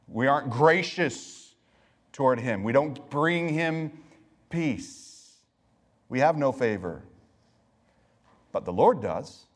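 Pastor guy preaching, kinda high voice, big echoey church, lots of rhetorical questions. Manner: rhetorical questions, emphatic and varied delivery. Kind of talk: sermon. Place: church sanctuary. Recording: long reverb of a large hall.

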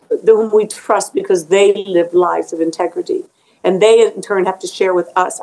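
A woman's voice: mid-range voice, darkish tone, low-quality recording. A middle-aged woman being interviewed as an author, speaking earnestly and emotionally about faith, often repeating words as she goes.

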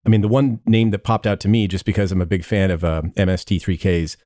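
Dry sardonic man, low mellow voice. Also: fast, dry recording. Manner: sardonic, laughing asides. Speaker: podcast co-host. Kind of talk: casual chat.

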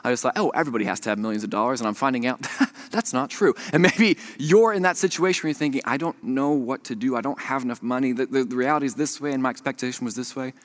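A young man preaching a sermon, telling a story with animated swings from hushed to loud. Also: medium pitch, fast. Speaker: pastor.

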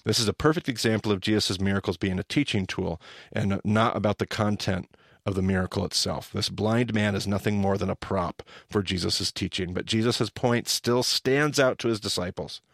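Man, podcast host, gravelly low voice, animated teaching, dry studio sound. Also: normal speed, no room sound. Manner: animated storyteller, acts out quoted lines. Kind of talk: casual teaching chat.

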